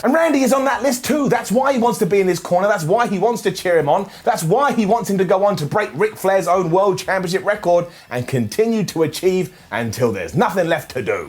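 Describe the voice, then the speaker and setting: A man hosting a wrestling review video, talking in an energetic, sarcastic and jokey way. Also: high voice. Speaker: wrestling show reviewer and host.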